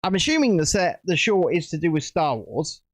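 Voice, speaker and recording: A man hosting a live stream, chatting in a rambling, animated way as he builds a set. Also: a little high, normal speed, no room sound. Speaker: streamer host. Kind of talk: casual live-stream chat while building.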